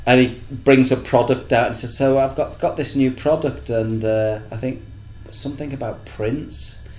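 A man's voice: mid-range voice, steady tone, normal speed. A man chatting casually as a podcast co-host, telling long stories and acting out what people said. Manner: rambling storyteller, acts out quotes in other voices. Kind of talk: casual chat. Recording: echoey room.

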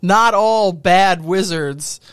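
A woman's voice: fairly low pitch, drawn-out words, clean tone, no echo, clean studio sound. A woman co-hosting a casual podcast chat, giggly and teasing. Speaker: podcast co-host.

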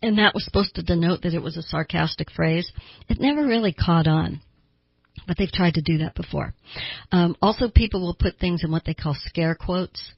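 A woman's voice: lowish voice, moderate pace, vocal fry, slightly rough, no echo, dull audio. An older woman hosting a therapy advice talk show, speaking earnestly and asking listeners direct questions. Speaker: radio therapist host.

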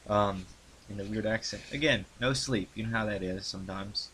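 A young man with a fairly low voice talks through the history of his video series in a loose, rambling way. He hesitates often, piling up ums and false starts as he goes. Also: fairly bright tone, slight background noise. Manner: halting, many ums and restarts. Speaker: YouTuber recounting his channel's history. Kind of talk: casual rambling monologue. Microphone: handheld mic he adjusts.

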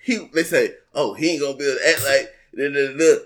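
A man's voice: mid-range voice, quick pace, background noise. Laid-back man telling stories in slang. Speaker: podcast co-host. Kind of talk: casual chat.

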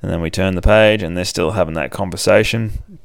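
A man's voice: sits low, steady tone, fairly quick, gravelly, clean tone, dry recording, studio quality. A man hosting a podcast, casually recapping a comic book in a rambling, profane way, with lots of fillers. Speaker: podcast host.

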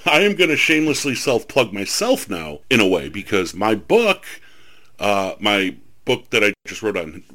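A man with a lowish voice and a bright, forceful edge hosts the interview. He chats casually and tells his anecdotes with enthusiasm. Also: sing-song, moderate pace. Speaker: host, historian and author.

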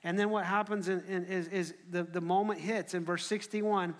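A man preaching a sermon, telling the story in an animated way and often restarting his phrases. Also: high voice, moderate pace. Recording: echoey hall.

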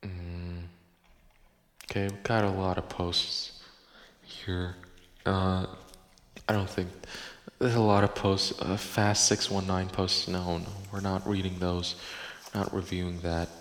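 This podcast host speaks in a deep, flat voice, going slowly and leaving long pauses. Alone on his casual show, he reads listener posts aloud and swears in exasperation, all in an echoey room with long reverb.

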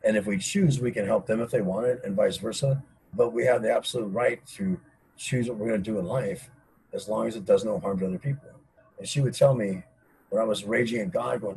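A man's voice: fairly low pitch, brisk, darkish tone, husky, low-quality recording. A man speaking candidly as an interview guest, intense and emphatic, swearing freely. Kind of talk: candid personal conversation.

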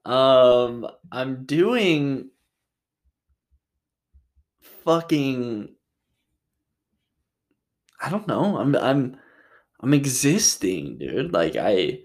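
A man's voice: mid-range voice, big pitch swings, extremely slow, long pauses, darkish tone. Rambling young man answering viewer questions. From Utah. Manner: rambling, jokey, swears a lot. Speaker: vlogger. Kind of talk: casual Q&A vlog.

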